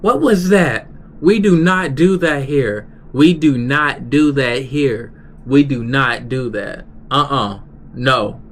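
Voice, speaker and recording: A man's voice: medium pitch, takes it slowly, fairly bright tone. A man voicing a heated, tall male coworker who scolds insistently and repeats himself. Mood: heated scolding.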